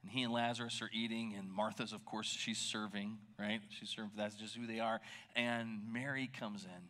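Bright-voiced preacher, conversational and animated. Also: male voice, lowish voice, moderate pace. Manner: conversational, animated, drops to a near whisper for emphasis. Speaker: pastor. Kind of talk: sermon.

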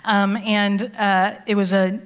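A woman's voice: mid-range voice, flat delivery, slow pace, smooth. A woman in her forties, a youth pastor preaching in a chatty storytelling way, often laughing and acting out what people said. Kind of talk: sermon.

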